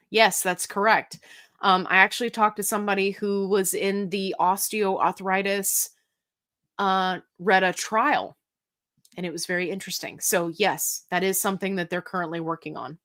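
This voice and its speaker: A woman's voice: medium pitch, steady tone, normal speed, a bit bright. A woman hosting a casual livestream, reading viewer comments aloud and answering them in a chatty, goofy way. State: getting tired. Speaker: host answering live chat questions.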